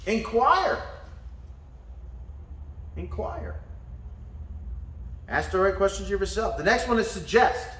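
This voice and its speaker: A man giving a motivational talk, telling a story in an animated way and acting out the voices. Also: high-pitched, quick pace, few pauses, distant mic. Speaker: motivational teacher. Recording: echoey room from afar.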